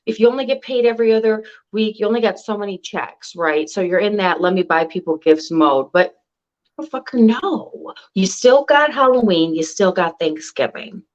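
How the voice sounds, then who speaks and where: A woman's voice: medium pitch, brisk, few pauses, dull audio. A woman co-hosting a casual online chat show, ranting animatedly and swearing a lot. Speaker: podcast co-host.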